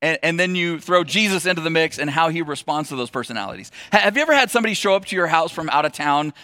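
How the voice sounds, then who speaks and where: A man's voice: on the high side, expressive, fast, bright, forceful tone, no room sound, clean studio sound. A middle-aged man giving a sermon in a conversational, joking way and putting questions to the audience. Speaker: pastor.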